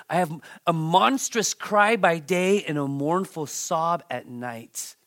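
A man's voice: medium pitch, fairly bright tone. A man preaching a sermon, reading scripture with dramatic emphasis and turning to the congregation with conversational asides. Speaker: pastor.

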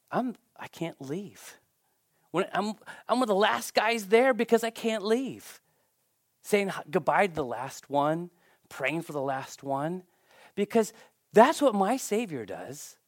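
A man preaching a sermon, telling a personal story in an animated, emphatic way. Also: sits high, no room sound, studio quality.

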